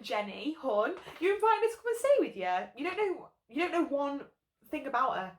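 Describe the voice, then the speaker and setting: A woman's voice: sits high, big pitch swings, a little fast. A young woman vlogger reading her old story aloud, breaking off for sarcastic, sweary comic asides. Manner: sarcastic, sweary running commentary. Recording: roomy echo.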